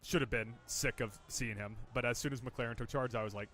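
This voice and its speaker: A man's voice: mid-range voice, fairly even intonation, fairly quick, fairly bright tone. Wry, rambling male podcast co-host. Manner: wry, rambling, dry teasing. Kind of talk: casual chat.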